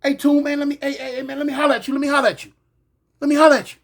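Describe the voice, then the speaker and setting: A man's voice: very high-pitched, a little slow, pitched above the performer's own voice. A man voicing a nervous, apologetic male inmate who pleads and keeps repeating "man". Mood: pleading.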